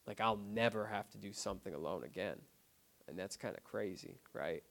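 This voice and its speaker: A man sharing his recovery story in a casual, unscripted way, often quiet and subdued. He talks haltingly, filling his sentences with "like" and "you know what I mean" and restarting his phrases. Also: lowish voice, gravelly. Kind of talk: personal testimony, casual and unscripted. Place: recovery group meeting.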